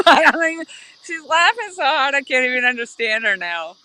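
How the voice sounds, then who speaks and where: A woman's voice: high voice, big pitch swings, normal speed, bright, forceful tone, slight background noise, poor audio. Giggly woman live-streaming outdoors. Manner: giggly, keeps breaking into laughter. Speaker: live-stream fishing host. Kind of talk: casual live-stream chat. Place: outdoors by a river, fishing.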